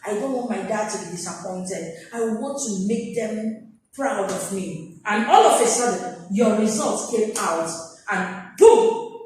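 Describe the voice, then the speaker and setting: A woman teacher giving a classroom vocabulary lesson, animated and acting out her examples in sing-song voices. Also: mid-range voice, a little slow, a little hiss or hum. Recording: very echoey room, mic far off.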